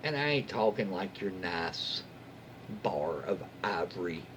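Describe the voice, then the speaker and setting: A man narrates internet stories in an easygoing, chatty way, his pitch rising and dipping with a lively swing. He keeps cutting in with folksy, wry remarks and jokes he censors himself, while a faint hum sits behind him. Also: unhurried. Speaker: YouTube host reading Reddit stories. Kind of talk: casual story reading with commentary.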